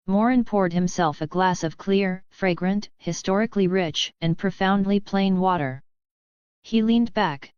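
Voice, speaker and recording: A woman narrating a web novel audiobook in an even, measured way. Her voice sits a bit low and is very smooth and clear. The recording is dead dry and a little dull. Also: dry recording. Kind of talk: scripted narration.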